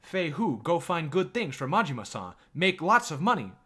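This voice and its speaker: A man voicing a pushy, bossy middle-aged woman shopkeeper in loud, clipped, broken English. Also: on the high side, big pitch swings, normal speed, breathy edge, voice pushed up, full character voice. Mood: bossy, insistent.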